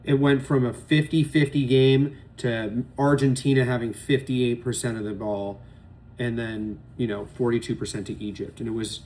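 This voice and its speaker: A man's voice: medium pitch, steady tone, normal speed, a little mellow, slight background noise. Profane rambling sports talk guy. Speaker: sports podcast host. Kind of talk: casual solo sports commentary.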